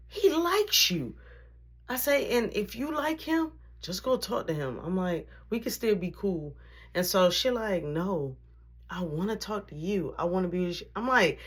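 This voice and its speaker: A woman with a fairly low, husky voice tells a story casually in slang. She is animated and acts out the voices of the people she quotes.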